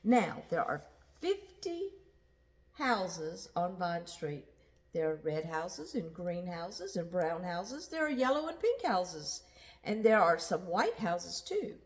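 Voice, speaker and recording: A woman reads a children's picture book aloud at an unhurried pace. Her pitch rises and falls widely, and she acts out the sound effects. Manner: slow, expressive read-aloud with sound effects. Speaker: storyteller.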